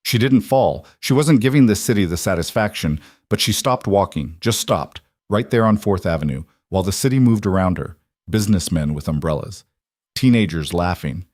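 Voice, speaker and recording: Low-voiced male story narrator. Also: expressive, normal speed, darkish tone, dry recording, clean studio sound.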